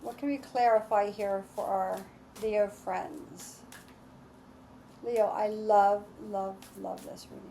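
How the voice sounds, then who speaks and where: A woman's voice: medium pitch, fairly even intonation, slow, gravelly, mellow, slight background noise. A woman giving a casual, enthusiastic tarot and astrology reading, repeating her affirmations. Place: home with lawnmowers outside.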